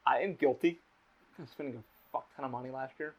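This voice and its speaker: A man's voice: mid-range voice, fast talker. A man hosting a podcast in casual chat, talking candidly and rambling, swearing a lot. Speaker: podcast host. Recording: dull lo-fi audio.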